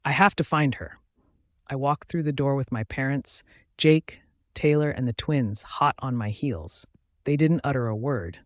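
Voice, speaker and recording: A man reading an audiobook aloud in a steady, even way, with a mid-pitched voice. The sound is close and dry, with no room echo. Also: a little slow. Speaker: narrator. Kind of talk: audiobook narration.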